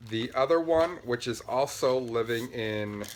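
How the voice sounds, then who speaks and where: A mid-range male voice, carrying a little hiss or hum, hosts a casual show-and-tell podcast at a measured pace, though he's caffeine-buzzed and talking fast. His chat is upbeat and rambling, heavy on fillers.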